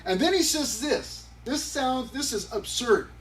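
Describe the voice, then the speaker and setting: High-voiced man preaching, mic far off. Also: animated, measured pace, fairly bright tone. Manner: conversational and emphatic, acting out quotes. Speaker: pastor. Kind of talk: sermon. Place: church youth service.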